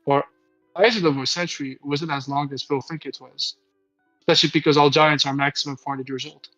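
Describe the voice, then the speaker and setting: A man's voice: a little high, steady tone, a little fast, fairly bright tone, faint music behind. Theorizing man with a muffled sound. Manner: stammers as he builds a theory, says like and dude a lot. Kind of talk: casual fan discussion.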